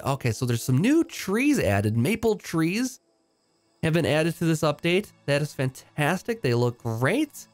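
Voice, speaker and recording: A man giving casual, upbeat commentary while playing a video game, thinking aloud with frequent fillers and restarts. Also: fairly high pitch. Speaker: game streamer.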